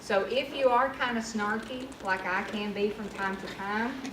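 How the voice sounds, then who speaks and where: A woman trainer gives a casual workshop presentation in a training room, speaking candidly and conversationally at medium pitch and normal speed. The recording is noisy, distant and echoey.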